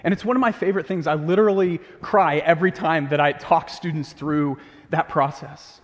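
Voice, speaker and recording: A young man preaches in a church sanctuary, his voice sitting high for a man. He talks earnestly and with animation, turning to the congregation with questions. His words ring out with a long hall reverb. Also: a little fast, dull audio. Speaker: pastor. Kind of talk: sermon.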